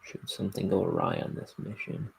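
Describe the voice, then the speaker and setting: A man's voice: low voice, wildly swooping pitch, fairly quick, gravelly, a little hiss or hum, heavily acted, low-quality recording. A man putting on a goofy Southern US drawl, playing a man telling a dramatic tale. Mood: mock dramatic. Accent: Southern US, put on.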